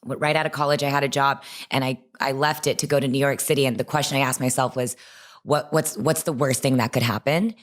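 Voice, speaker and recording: Low-voiced, animated young woman. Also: fast. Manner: animated, lively, full of "like". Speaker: guest, online creator. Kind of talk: personal storytelling in a conversation.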